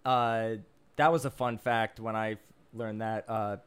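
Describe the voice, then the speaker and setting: A young man co-hosting a podcast, rambling excitedly through a casual movie chat. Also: fairly low pitch, a little slow, smooth. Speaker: podcast co-host.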